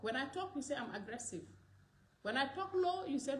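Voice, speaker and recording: A woman from the Gambia, giving an impassioned monologue that often rises to loud exclamations. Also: high voice, very animated, a little fast, echoey room. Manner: rising to loud exclamations, mixing in Wolof. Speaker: commentator from the diaspora.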